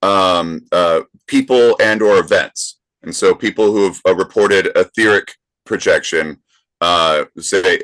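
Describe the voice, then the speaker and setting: A man's voice: low voice, a bit bright, no echo, low-quality recording. A man co-hosting a podcast, explaining a topic in casual chat with frequent "uh" and "um". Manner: explains slowly with many fillers. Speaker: podcast co-host.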